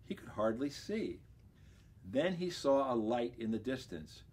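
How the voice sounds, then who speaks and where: A man, a library director, reading a children's story aloud with expressive, lively storytelling. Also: medium pitch, measured pace, slightly rough.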